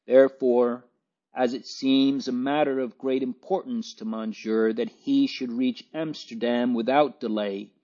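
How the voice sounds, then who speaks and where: A man voicing a burly, good-natured Frenchman who speaks gravely, formally and haltingly, on a dull lo-fi recording. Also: mid-range voice, fairly even intonation, dark tone, voice pushed up, natural voice.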